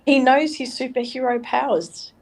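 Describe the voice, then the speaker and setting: A woman's voice: sits high, fairly even intonation, moderate pace, darkish tone. A woman guest in a casual spiritual chat, talking earnestly and rambling with restarts.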